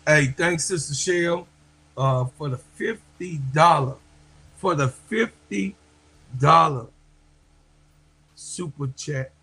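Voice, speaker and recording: A man hosting a livestream, speaking to his viewers slowly and from the heart, often repeating himself and getting emotional. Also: fairly high pitch, fairly bright tone, husky, poor audio. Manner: slow, heartfelt, repeats phrases. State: emotional, near tears. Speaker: livestream host.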